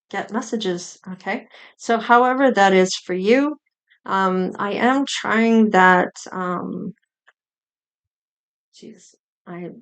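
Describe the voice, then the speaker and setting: A woman's voice: mid-range voice, clean tone. A woman tarot reader musing aloud in an unscripted psychic reading, meandering with fillers and small giggles.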